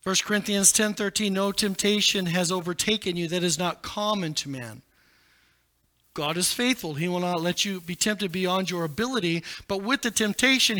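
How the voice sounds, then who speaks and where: A male pastor preaching a sermon in a dramatic way, rising to shouts and dropping low. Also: normal speed.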